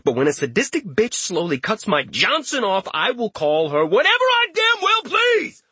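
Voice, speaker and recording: A man's voice: medium pitch, lively intonation, a little fast, a bit bright, breathy edge, no room sound. A man voicing a crude, sarcastic male lord bent on vengeance. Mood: bitter. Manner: sarcastic, snapping.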